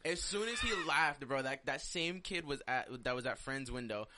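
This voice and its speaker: A man's voice: mid-range voice, expressive, moderate pace, bright, forceful tone. A young man chatting on a podcast, laid-back and saying "bro" a lot. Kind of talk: casual storytelling chat.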